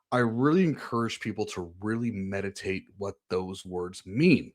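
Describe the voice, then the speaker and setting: With a lowish voice, normal speed and few pauses, a podcast host sits for an interview about his faith. He's earnest and candid, often circling back and repeating words as he looks for what to say.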